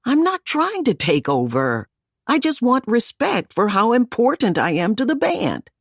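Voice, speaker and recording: A woman's voice: a little high, huge pitch swings, unhurried, husky, no echo, studio quality, pitched above the performer's own voice, exaggerated voice. A woman voicing a stubborn, boastful young boy who sings in a band. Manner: boastful and defensive. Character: confident boy singer, cocky, stubborn.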